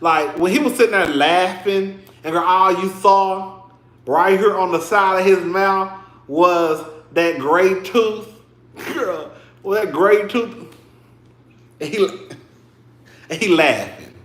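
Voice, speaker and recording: A man's voice: high voice, takes it slowly, long pauses, fairly bright tone, reverberant. A man hosting a podcast, chatting casually and rambling with lots of "like" and restarts. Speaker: podcast host. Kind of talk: casual commentary chat.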